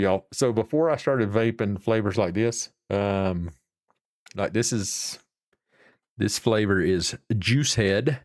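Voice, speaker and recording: A man's voice: on the low side, takes it slowly, no room sound, studio quality. A man with an Appalachian accent hosting a live stream and chatting casually with viewers in a folksy, rambling, salty way. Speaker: livestream host.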